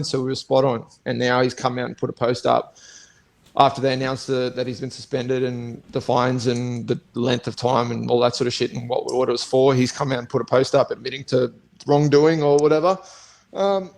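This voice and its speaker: A man's voice: medium pitch, vocal fry, a little mellow. An Australian man co-hosting a fight podcast, ranting heatedly and swearing often. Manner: heated profane rant. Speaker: co-host and fighter. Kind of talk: casual podcast chat.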